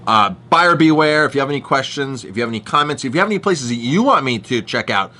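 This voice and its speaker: A man's voice: medium pitch, lively intonation, fast talker, sharp tone, slight background noise. A middle-aged man, a chef, talking straight to the camera with emphatic, repetitive ranting as he warns viewers about food fraud. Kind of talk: direct-to-camera consumer warning.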